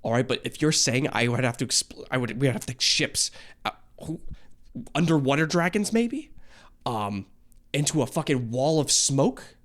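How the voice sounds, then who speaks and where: A man hosting a reaction video, chatting casually as he watches. His pitch swings widely and shoots high when he gets excited. He swears freely and stumbles through restarts as his thoughts race ahead of his words. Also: normal speed.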